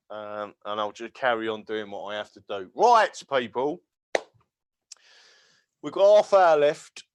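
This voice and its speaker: A man's voice: medium pitch, dry recording. English male livestream host, rambling joker, stumbles over words, casual chat. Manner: rambling and jokey, stammering with many fillers.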